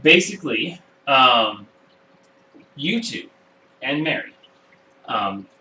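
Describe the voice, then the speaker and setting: Lively man running a home tabletop game. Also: medium pitch, a little hiss or hum. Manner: animated narration with quick voiced asides, many fillers. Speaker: game master. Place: room at home. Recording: echoey room, far from the mic.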